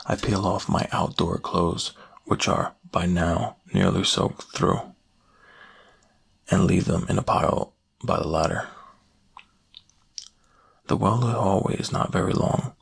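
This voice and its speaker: Deep gravelly soft-spoken man. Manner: slow, hushed first-person reading. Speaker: creepypasta narrator. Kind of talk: soft-spoken ASMR narration.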